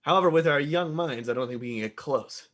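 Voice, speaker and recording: A woman's voice: deep voice, fairly quick. A woman playing a brash, jokey character in a comedic tabletop game. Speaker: player. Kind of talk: comedic tabletop role-play.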